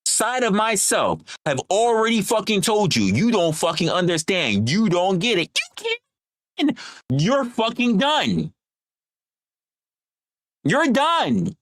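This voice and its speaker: Livestream host, heated profane rant, repetitive scolding, lively swooping pitch, dry sound. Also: no room sound.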